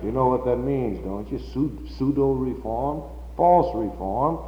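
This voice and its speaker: A pastor preaching a sermon slowly and emphatically, building to loud high peaks on key words. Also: male voice, echoey room, long reverb tail, lo-fi sound, noisy background.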